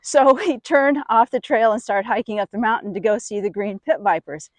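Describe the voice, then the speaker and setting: A middle-aged woman telling a personal story in an animated, expressive way. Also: mid-range voice, a little fast, no echo. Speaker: speaker. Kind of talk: storytelling talk.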